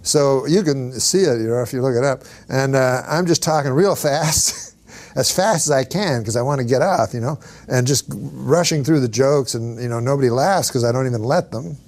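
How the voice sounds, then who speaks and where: A man with a Canadian accent, chatting as a comedian guest in a halting, deadpan way, full of restarts and dry jokes. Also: medium pitch. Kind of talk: casual interview chat.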